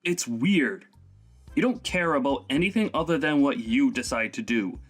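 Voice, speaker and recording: A man's voice: mid-range voice, lively intonation, normal speed, a bit bright, faint music behind. Guy doing a fed-up young husband scolding his mom, medium voice, story drama. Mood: exasperated. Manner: scolding, exasperated. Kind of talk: dramatized text-message story.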